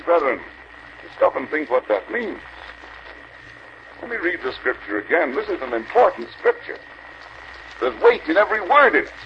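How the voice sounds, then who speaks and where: A man's voice: on the high side, big pitch swings, moderate pace, long pauses. An older man giving an earnest sermon to a convention, exhorting the brethren with rhetorical questions. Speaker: preacher. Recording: dull archival recording with faint hiss.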